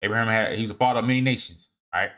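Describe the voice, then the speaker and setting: A man presenting a lecture over slides in a casual, halting way. He often repeats and restarts his words, checks in with "all right?", and swings between emphatic rises and low muttered asides. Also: a bit bright. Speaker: presenter of a video series. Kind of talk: lecture walking through slides.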